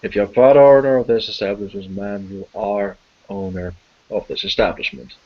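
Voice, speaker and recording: A man's voice: on the low side, steady tone, normal speed, lightly acted. A man voicing a brusque male police officer who barks commands at a suspect. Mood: stern. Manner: barking commands. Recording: dull lo-fi audio.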